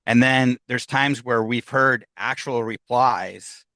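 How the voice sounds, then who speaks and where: A man's voice: medium pitch, slow, bright, forceful tone, dry recording. A man who investigates the paranormal, chatting casually in an interview, rambling with many restarts and fillers. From United States.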